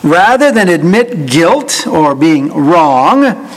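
A man's voice: on the high side, very animated, slow pace, a little hiss or hum, poor audio. A man preaching a sermon, with dry humor, who acts out the voices of people he quotes. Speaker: pastor.

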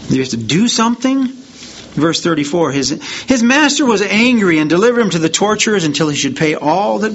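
A man preaching a sermon, reading verses aloud with rising emphasis and breaking off into conversational asides. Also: fairly bright tone. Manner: rises in pitch and volume when reading verses aloud. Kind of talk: sermon reading and explaining scripture. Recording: dull lo-fi sound with faint noise.

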